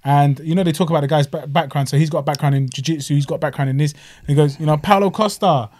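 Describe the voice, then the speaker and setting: A young man, co-hosting a casual podcast chat in slangy, animated bursts with frequent restarts. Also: on the high side, very fast. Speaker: podcast co-host.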